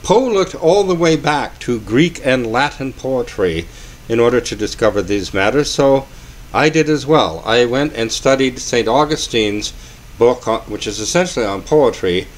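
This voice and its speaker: A man giving a measured, explanatory spoken lecture on poetry and music. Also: mid-range voice, animated, a little hiss or hum. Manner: measured, explanatory, slows to scan quoted verse.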